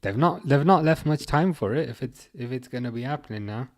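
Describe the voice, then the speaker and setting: A man talks casually through a live football watchalong stream, reading viewers' messages out and replying. His speech is chatty and halting, with plenty of fillers and false starts, at a middling pitch. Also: animated. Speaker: livestream host reading chat.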